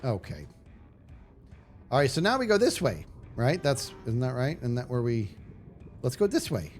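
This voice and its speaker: A man's voice: mid-range voice, wildly swooping pitch, normal speed, faint music behind. A man streaming a game live, chatting in a rambling, self-mocking way as he thinks aloud. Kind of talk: live gaming stream chat.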